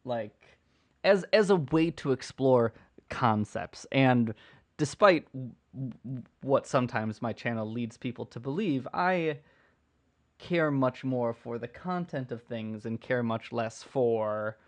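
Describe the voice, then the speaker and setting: A man of ordinary middle pitch chats through an unedited livestream, answering viewer questions. He rambles playfully and restarts his sentences often, while reading and typing at his computer. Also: slow. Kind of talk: casual unedited livestream chat.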